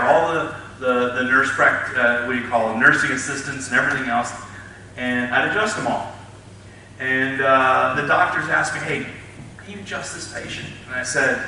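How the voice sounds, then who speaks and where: A middle-aged man, a chiropractor, speaking to an audience and telling patient stories with lively, acted-out moments and frequent laughs. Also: a little high, far from the mic. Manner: animated storyteller, acts out scenes, laughs often. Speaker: chiropractor giving a talk. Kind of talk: storytelling talk to an audience. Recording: echoey hall, speaker off mic, faint noise.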